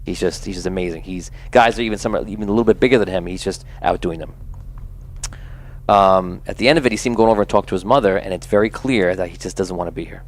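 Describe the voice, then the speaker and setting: A man's voice: low-pitched, fast. A man narrating as game master of a tabletop game in a casual, chatty way. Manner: casual, laughs often, chatty.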